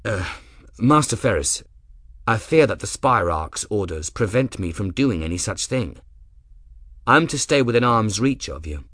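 A man voicing a polite, restrained young knight in a storybook, speaking gently and formally. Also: lowish voice, sing-song, measured pace, no echo, clean studio sound, full character voice. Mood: courteous.

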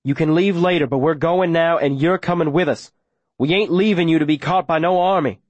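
A man voicing a hot-headed teenage boy who shouts in rough rural grammar. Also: a little high, brisk, dry recording, highs cut off, voice pushed up, close to an everyday voice. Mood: urgent.

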